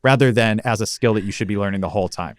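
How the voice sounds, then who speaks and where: A man's voice: fairly low pitch, racing, dry recording, clean studio sound. An American man hosting a podcast, chatty and self-deprecating, often restarting his sentences. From United States. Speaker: podcast host. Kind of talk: conversational podcast interview.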